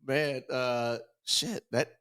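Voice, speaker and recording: A man's voice: medium pitch, fairly even intonation, extremely slow, a bit bright, smooth. A man hosting a podcast in casual chat, laid-back and swearing, tossing in eager reactions. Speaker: podcast host. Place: podcast studio.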